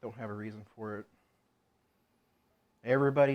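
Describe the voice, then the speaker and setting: A man's voice: medium pitch, normal speed, highs cut off. A man talking his way through a cooking stream, his voice sitting in an ordinary middle range. He rambles and mutters to himself as he works at the stove in a home kitchen. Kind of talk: casual cooking stream chatter.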